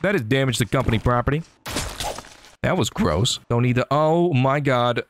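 Man, gaming commentary, excitable, joking, talks to enemies. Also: mid-range voice, moderate pace, background noise. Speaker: gaming YouTuber. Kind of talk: game commentary.

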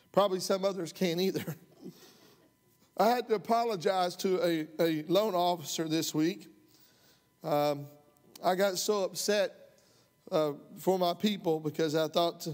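High-voiced impassioned male pastor. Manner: impassioned, folksy, rising to loud outbursts. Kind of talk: sermon. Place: church sanctuary. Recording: long hall reverb.

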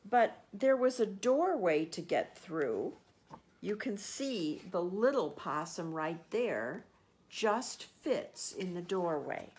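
A woman, a children's librarian, reading a picture book aloud and gently explaining words and pictures to children. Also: on the low side, very animated, slow pace.

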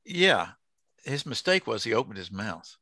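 A man's voice: medium pitch, very animated, a little slow, sharp tone, no echo. Folksy man teaching Bible study. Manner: folksy, joking, asks the group questions.

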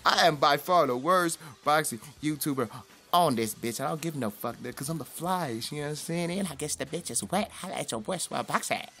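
A young man giving casual, profane commentary as a boxing YouTuber, rambling in slang with sudden high-pitched outbursts. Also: a little fast, bright, forceful tone.

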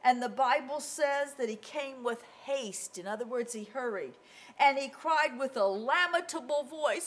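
A woman teaching a Bible lesson to children, telling the story in an animated way and acting out the voices. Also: high-pitched, a little slow.

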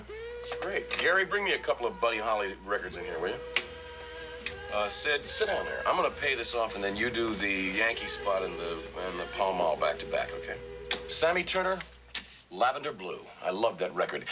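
An actor playing a middle-aged 1950s radio disc jockey with brisk, friendly patter, in a film drama. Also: male voice, lowish voice, wildly swooping pitch, music in the background, low-quality recording. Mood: easygoing.

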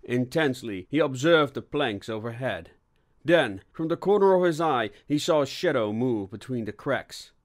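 A man reading scripted narration for an audiobook in a steady, even storytelling manner. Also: mid-range voice, moderate pace.

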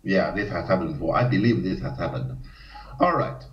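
A man teaching a Go lecture in non-native English, often acting out panicked players in a high voice. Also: brisk. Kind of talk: live-streamed lecture. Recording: roomy, dull lo-fi stream audio.

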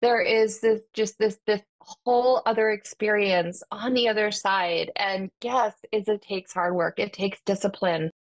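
A woman's voice: medium pitch, steady tone, unhurried, few pauses. A woman speaking as a podcast guest and wellness coach, earnest and effusive, in inspirational phrasing. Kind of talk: casual podcast chat.

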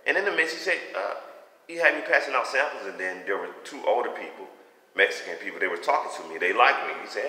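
A man's voice: mid-range voice, very animated, a little fast, bright, forceful tone. A man giving a personal faith testimony in a fervent, rambling, conversational preaching manner. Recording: echoey room with long reverb.

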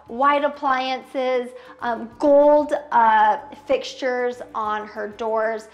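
A woman in her thirties giving a casual home tour, gushing and chatty with lots of fillers. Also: on the high side. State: tearful at times. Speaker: vlogger. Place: inside a home.

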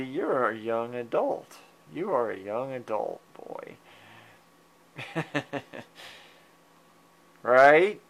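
A man at home chatting fondly to his cats while filming them, meowing at them and chuckling softly, recorded on a handheld camera. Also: on the low side. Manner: fond, coaxing pet talk, meows at the cats, soft chuckles. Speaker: cat owner filming his pets. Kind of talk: casual talk to his cats. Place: at home indoors. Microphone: handheld digital camera mic.

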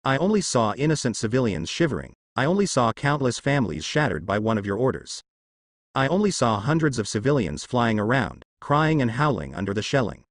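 A man's voice: mid-range voice, very animated, fairly quick, no echo, studio quality. A man voicing a righteous young male navy rear admiral who speaks in firm, reproachful speeches.

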